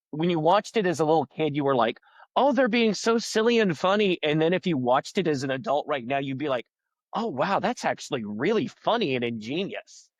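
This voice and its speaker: A man's voice: fairly high pitch, no room sound. A middle-aged man, telling stories in a casual podcast interview and acting out the people he quotes. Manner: rambling, animated storyteller who acts out quoted people in a raised voice. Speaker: guest comedian and balloon artist.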